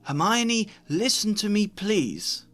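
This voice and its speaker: A man's voice: sits high, lively intonation, slow, fairly bright tone, faint music behind, voice pushed up, heavily acted. A man doing an urgent, pleading grown man. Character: pleading grown man trying to calm others.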